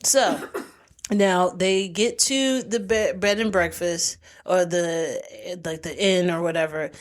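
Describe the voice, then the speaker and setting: A woman's voice: lowish voice, slow pace. A woman podcast host in casual chat, retelling a TV episode and acting out the characters' lines as she goes. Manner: lively storyteller who acts out the characters' quoted lines.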